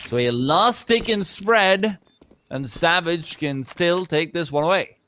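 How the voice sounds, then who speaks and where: A man's voice: fairly high pitch, takes it slowly, bright, forceful tone. Man casting esports play-by-play. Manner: jokey, rises sharply on big plays. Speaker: esports caster. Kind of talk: live play-by-play commentary.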